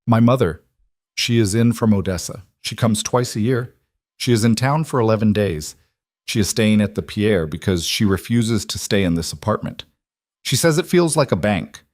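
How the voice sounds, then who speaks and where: A man voicing a reserved crime boss, who speaks calmly in clipped, formal sentences. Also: fairly low pitch, dry recording, studio quality. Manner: calm, clipped formal sentences without contractions. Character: quiet controlled reserved male crime boss.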